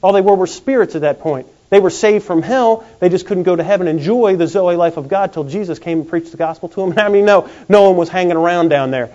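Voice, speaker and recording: Folksy high-voiced preacher. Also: male voice. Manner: folksy, animated, acts out quick comic voices. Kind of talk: sermon. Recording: dull lo-fi recording.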